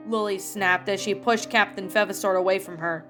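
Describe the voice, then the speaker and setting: A woman's voice: medium pitch, steady tone, moderate pace, a bit bright, soft background music, natural voice. A woman reading a fan story aloud, voicing a tough young woman survivor who is grieving. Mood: upset.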